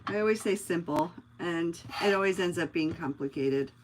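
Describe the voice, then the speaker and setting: A woman's voice: on the low side, moderate pace, background noise. A middle-aged woman hosting a craft livestream, chatting casually and telling rambling stories to her viewers while she works. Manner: chatty, rambling storyteller, talks to viewers by name.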